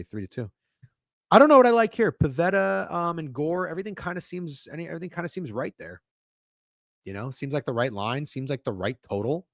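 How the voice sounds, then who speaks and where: A young man hosting a sports betting livestream, talking casually and excitably, swearing often and restarting his sentences. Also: medium pitch, no echo, studio quality. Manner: excitable, profane, rambling with frequent restarts. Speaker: sports betting show host.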